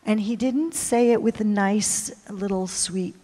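A woman missionary preacher telling a confessional story in a sermon, swinging from hushed to loud. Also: mid-range voice, measured pace. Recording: long hall reverb.

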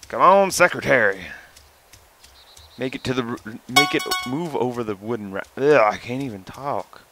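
A young man giving casual gameplay commentary, goofy and swearing, who often jumps into high excited yelling. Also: moderate pace, background noise. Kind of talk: casual let's-play commentary.

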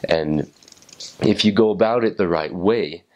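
A man's voice: low-pitched, a little slow, highs cut off. A young man who served as a missionary, casually explaining how to make friends, rambling with many restarts. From United States. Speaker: former missionary.

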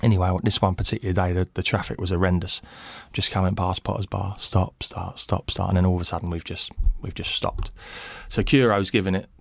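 Gravelly low-voiced man telling stories. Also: a little fast, few pauses, no room sound. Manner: animated storyteller, acts out quotes, laughs mid-story. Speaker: podcast guest, former footballer. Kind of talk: casual anecdote telling. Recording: dry close mic in small studio.

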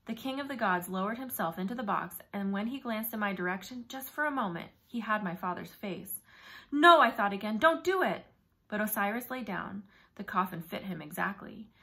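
Woman narrator, audiobook reading, first-person story, brisk and vivid. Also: mid-range voice, creaky, sharp tone.

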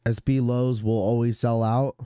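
Hoarse man chatting on a sneaker stream. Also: mid-range voice, level tone, normal speed, warm tone, dry recording, clean studio sound. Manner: talks to chat in a casual, rambling way with restarts. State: hoarse from a sore throat. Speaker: sneaker livestream host. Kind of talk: casual live-stream chat.

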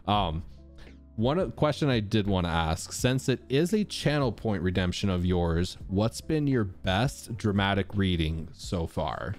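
A man's voice: low-pitched, lively intonation, unhurried, a little mellow, soft background music. A man hosting a casual podcast interview, asking rambling questions with many fillers. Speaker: podcast host.

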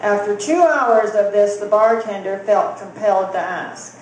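Slow, deliberate joke-telling woman. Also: mid-range voice, heavy reverb, a little hiss or hum, rough recording. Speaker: comedian. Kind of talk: telling jokes to a live audience. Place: coffee house.

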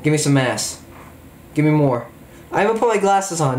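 Hyped gamer dude yelling at the screen, pitch jumping all over, kinda echoey room. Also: male voice, moderate pace, slight background noise. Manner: excitable, exclamatory, jokey. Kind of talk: excited gameplay commentary.

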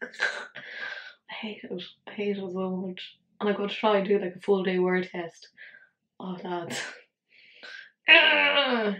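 A woman in her thirties talks through her makeup routine in a loose, chatty vlog voice. Her pitch sits in an ordinary middle range. She swears freely and scolds herself under her breath as she goes. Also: slow pace, pauses often, pushed and bright, dull audio. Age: 30s. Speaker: beauty vlogger. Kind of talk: casual makeup tutorial chat.

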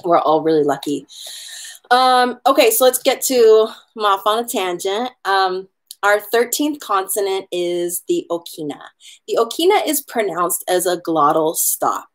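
A woman leads an online hula lesson in a friendly, talkative way, with a voice of ordinary middle pitch. She encourages her students and slows right down whenever she spells out words letter by letter. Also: lively intonation. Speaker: hula instructor. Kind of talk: online class lesson on pronunciation.

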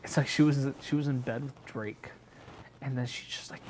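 A man's voice: mid-range voice, fairly even intonation, normal speed, darkish tone, slight background noise. A young man co-hosting a podcast, telling stories in loose slangy casual chat. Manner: laid-back slangy storytelling, says "bro" and "dude" a lot. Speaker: podcast co-host.

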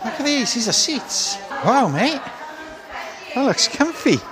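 A man in a casual travel vlog, talking in a chatty, excitable way with plenty of slang. His pitch swings a lot as he talks. Loud music plays under his voice. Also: measured pace, poor audio. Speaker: vlogger. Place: inside a car, then indoors in a hotel.

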